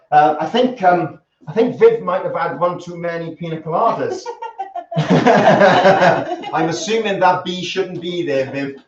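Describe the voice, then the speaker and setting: A man teaching a dance class on a live stream, chatty, counting the steps aloud. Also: a little high. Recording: roomy, distant, dull live stream.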